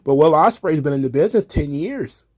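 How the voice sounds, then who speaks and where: A man's voice: on the high side, animated, fairly quick, no echo. A man hosting a casual wrestling commentary show, blunt and profane, rambling with lots of fillers.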